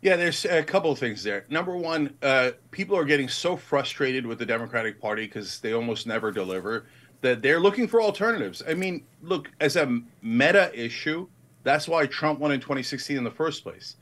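A man's voice: medium pitch, lively intonation, fairly quick, fairly bright tone. A middle-aged man in a heated political debate, emphatic and passionate, rising to indignant outbursts. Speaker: guest commentator.

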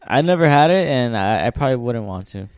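A man's voice: medium pitch, lively intonation, fairly quick, no room sound, clean studio sound. A man co-hosting a podcast, chiming in with laid-back casual chat. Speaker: podcast co-host.

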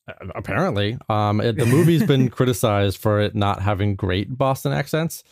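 A male podcast host talks in a relaxed, chatty way and fills his pauses with ums. His voice sits low. The recording is dry and close. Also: dry recording. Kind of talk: casual chat.

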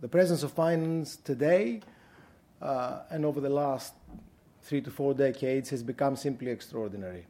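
Male academic, Greek accent, warm low-key delivery, deliberate lecture pace with ums. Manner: measured, deliberate, frequent ums. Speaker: guest lecturer. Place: university lecture hall.

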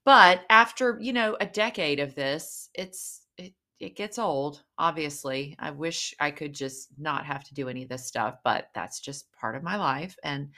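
A middle-aged woman vlogger talks casually and candidly to the camera in a low, sharp voice. She rambles along and pokes fun at herself like a storyteller who doesn't take herself too seriously.

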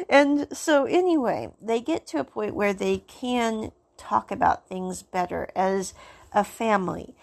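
A woman's voice: medium pitch, creaky. A woman casually recapping and reviewing a drama, rambling and circling back with "so anyway". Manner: rambling, keeps saying "so anyway".

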